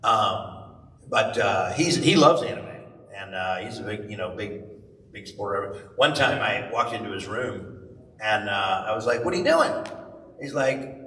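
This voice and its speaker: A middle-aged man, a voice actor at a convention Q&A, telling animated stories and jumping into high voices for the people he quotes. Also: moderate pace. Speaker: convention panel guest, voice actor. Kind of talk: live convention Q&A storytelling. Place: large convention hall. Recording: echoey hall, far from mic, faint hiss.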